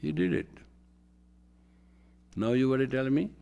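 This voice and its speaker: A man's voice: mid-range voice, unhurried, vocal fry, warm tone, dull audio. A man lecturing as a spiritual teacher, emphatic and repeating phrases for stress.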